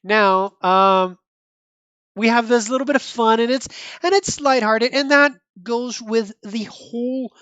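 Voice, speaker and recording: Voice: mid-range voice, unhurried, fairly bright tone, smooth, no echo, lo-fi sound. A podcast host in their thirties or older giving casual, rambling commentary on a comic book. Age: 30s or older. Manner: chatty, rambling, frequent restarts and laughs.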